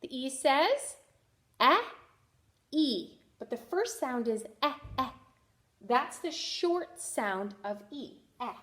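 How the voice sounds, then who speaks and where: A woman teaches a first-grade reading lesson in a high, lilting voice that rises and falls a great deal. She speaks slowly and clearly, sounding out each letter. She cheers the children on as they clap out syllables. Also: animated. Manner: encouraging.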